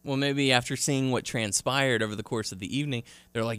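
A man's voice: medium pitch, steady tone, fairly quick, fairly bright tone, smooth, dry recording. A young man co-hosting a podcast, recapping matches in a laid-back way with many fillers, laughing often. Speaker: podcast co-host. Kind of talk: casual wrestling recap.

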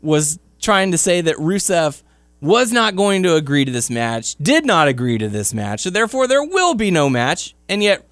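A man from Southeast Texas hosting a casual wrestling podcast, recapping with quick asides. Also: fairly high pitch, big pitch swings, fairly bright tone, dry recording, studio quality. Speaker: podcast host.

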